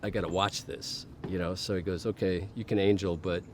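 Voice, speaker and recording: A man's voice: sits low, fairly even intonation, a little fast, a little mellow, a little hiss or hum. A middle-aged man telling a personal story as a podcast guest in a casual interview, candid and swearing freely, acting out the voices of the people he quotes.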